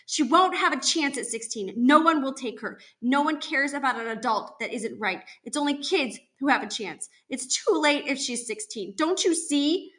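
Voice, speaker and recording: A woman's voice: high voice, animated, normal speed, few pauses, bright, forceful tone, voice pushed up. A woman voicing a distraught mother who pleads and cries out in a family argument, read aloud from a storybook. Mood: desperate. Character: distraught mother of a teen boy, desperate.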